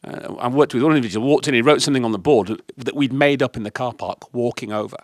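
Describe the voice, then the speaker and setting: A man from the UK on a discussion panel, telling emphatic, animated stories about leadership. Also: medium pitch, fast, no echo, studio quality. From United Kingdom. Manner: emphatic, animated anecdotes with acted quotes. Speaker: guest speaker on leadership.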